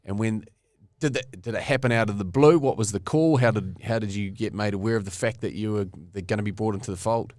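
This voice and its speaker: A man's voice: lowish voice, quick pace, few pauses, darkish tone, dry recording, clean studio sound. New man eagerly firing questions. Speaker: podcast host. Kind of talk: casual interview questions.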